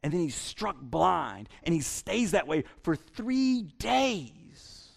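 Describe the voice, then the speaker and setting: A male pastor preaching with a fairly high, gravelly voice. He is animated and repeats words as he builds each point. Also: slow pace. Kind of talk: sermon.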